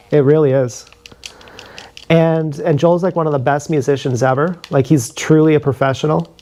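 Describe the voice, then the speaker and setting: A man's voice: a little high, darkish tone. A man rambling through a casual story on a live stream, loose and profane, full of fillers and restarts. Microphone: streaming camera mic.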